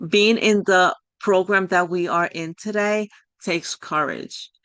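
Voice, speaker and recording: A woman's voice: on the low side, takes it slowly, fairly bright tone, smooth, dry recording. A woman with a non-native English accent leading an online coaching workshop, encouraging and rambling with many fillers and apologies, speaking over a video call. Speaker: life coach leading a group session.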